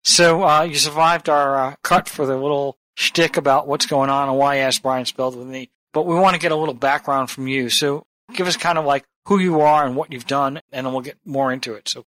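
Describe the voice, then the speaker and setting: A man hosting a business podcast, with a bright, forceful tone and a dry, close sound. He trades wisecracks and teases his co-host in relaxed chat. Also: medium pitch, brisk, few pauses, no echo. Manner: teasing, wisecracking. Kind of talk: casual chat.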